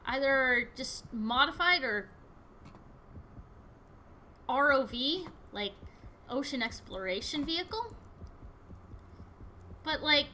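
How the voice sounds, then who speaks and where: Brief: animated woman, higher bright voice, casual let's-play commentary. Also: a little hiss or hum. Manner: chatty, excitable, yelps at the game. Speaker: gaming video host.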